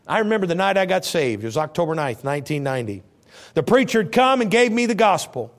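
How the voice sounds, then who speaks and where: A middle-aged male preacher delivering a sermon with animated storytelling. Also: sits high, quick pace. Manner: animated storytelling, acting out scenes in voices.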